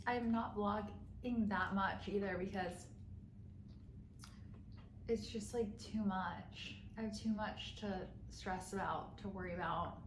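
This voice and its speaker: A woman's voice: medium pitch, fairly even intonation, takes it slowly, long pauses. A young woman vlogging casually on her phone, chatty and tired, often laughing. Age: young adult. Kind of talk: casual vlog. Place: city street outdoors, later indoors in a room. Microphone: handheld phone. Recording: noisy street, echoey.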